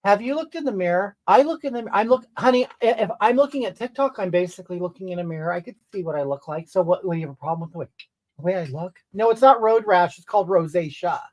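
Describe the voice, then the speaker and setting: A woman's voice: mid-range voice, quick pace, darkish tone, close to an everyday voice. A woman playing a brash, touchy middle-aged livestreamer who answers viewer comments in a sassy, rambling way, tagging on "okay?" and "honey". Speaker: livestream comedy character. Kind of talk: character livestream reading comments.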